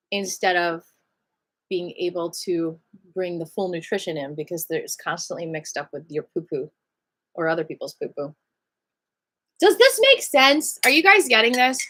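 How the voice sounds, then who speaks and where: A woman leading a live online qi gong class in a chatty, animated way, giving gentle breathing cues and greeting viewers by name. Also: on the low side, normal speed, pauses often. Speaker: qi gong teacher.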